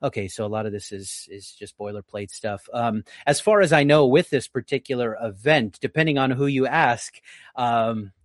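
A man's voice: normal speed, dry recording. Man hosting a live stream, earnest preacher-style talk with many restarts, dry close mic. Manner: earnest, repeats words often, rises in pitch when emphatic. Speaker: livestream host. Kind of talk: religious commentary on a live stream.

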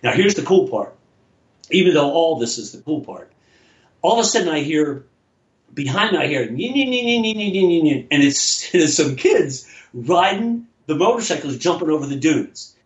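A man telling a long personal story in casual chat, rambling and halting, with many restarts. He acts out the voices of the people in his story. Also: fairly high pitch, lively intonation. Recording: echoey, dull lo-fi audio.

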